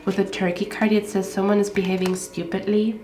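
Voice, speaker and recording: A woman's voice: medium pitch, flat delivery, a little fast, echoey room, faint music behind. A woman with a congested, stuffy voice from a cold, giving a chatty pick-a-card tarot reading with many fillers. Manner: chatty, with frequent fillers and soft asides.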